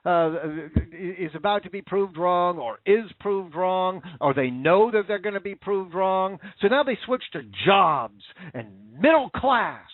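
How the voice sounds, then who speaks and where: A man's voice: sits high, no room sound. A man hosting a show, ranting in angry, sarcastic political commentary. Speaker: podcast host. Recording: tinny phone-like dry audio.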